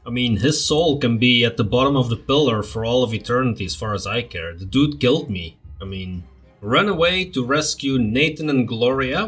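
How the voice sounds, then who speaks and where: A let's play host reads the game's text aloud like a storybook and breaks off for blunt comments. His voice sits at a middle pitch. Faint music plays under him. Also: fairly bright tone. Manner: dramatic storybook reading, blunt asides. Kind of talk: reading game text aloud with casual comments.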